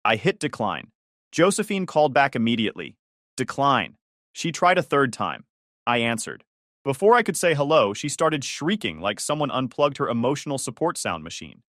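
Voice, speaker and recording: A man's voice: medium pitch, very animated, normal speed, fairly bright tone, dry recording. A man narrating a first-person family story with sarcastic, dry humor.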